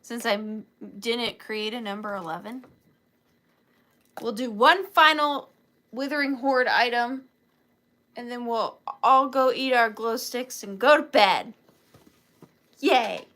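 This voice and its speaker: A woman's voice: on the high side, slow pace, pauses often, sharp tone. A woman hosting a live online sale, chatting casually with viewers in a giggly, joking way. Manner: chatty and giggly, jokey asides.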